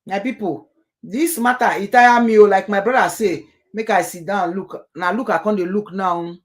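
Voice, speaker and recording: A woman's voice: mid-range voice, normal speed. A woman with a Nigerian accent, delivering a scolding, opinionated commentary that switches between Pidgin and English, with many filler uhs.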